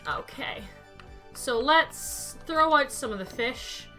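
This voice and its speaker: A woman's voice: high voice, lively intonation, slow pace, pushed and bright, soft background music. A young woman chatting casually to her live-stream viewers while playing a game, thinking aloud and answering chat by name.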